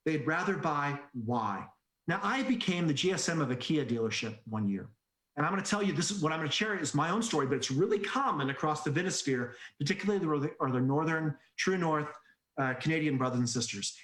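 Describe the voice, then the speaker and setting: A man giving an energetic sales-training presentation, telling stories and asking rhetorical questions. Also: fairly high pitch. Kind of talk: conference presentation. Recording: echoey room.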